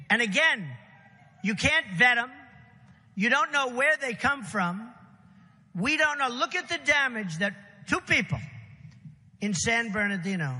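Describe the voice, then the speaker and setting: A man's voice: extremely high pitch, pushed and bright, big-room sound. A man delivering a rambling, repetitive campaign rally speech with punchy asides to the crowd. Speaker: political candidate. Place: large rally venue.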